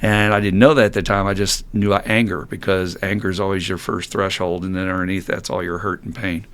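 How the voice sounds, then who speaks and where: A man's voice: low voice, flat delivery, a little fast, fairly bright tone, clean tone. Blunt, self-mocking man telling his story. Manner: blunt and self-mocking, swears freely, laughs often. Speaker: podcast host. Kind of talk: candid personal storytelling.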